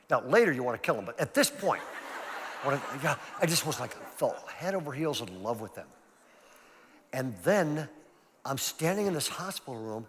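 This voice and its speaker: Older male pastor, storytelling seminar talk, mid-pitched voice, long hall reverb. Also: a bit bright. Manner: storytelling, conversational and emphatic. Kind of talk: sermon-style seminar talk. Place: large church hall.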